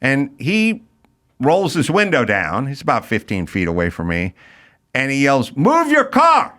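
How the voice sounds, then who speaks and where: A man's voice: medium pitch, a little slow. A male podcast host telling a rant-filled story in casual chat, acting out the people in it. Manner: animated, ranting, acts out quotes.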